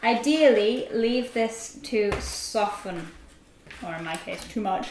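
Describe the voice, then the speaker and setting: A woman with a fairly high voice talks through a recipe in a loose, chatty way, breaking into giggles as she works. Her voice bounces around a roomy, echoey kitchen. Dishes and cutlery clatter behind her. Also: expressive, takes it slowly, a little mellow, slight background noise. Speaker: baking vlogger. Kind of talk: casual recipe tutorial. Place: home kitchen.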